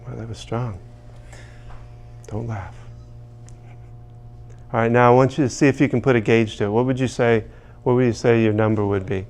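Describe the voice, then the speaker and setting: A man's voice: medium pitch, steady tone, moderate pace, pauses often, darkish tone, a little hiss or hum. A man teaching tapping, telling a long rambling story full of restarts and asides. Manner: rambling, many restarts and "you know"s. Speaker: EFT practitioner. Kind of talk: casual teaching with anecdotes.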